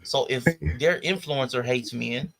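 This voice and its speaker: A man's voice: mid-range voice, a little slow, a bit bright. A man hosting a podcast, giving blunt, disdainful commentary on video clips and repeating his points for emphasis. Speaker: podcast host.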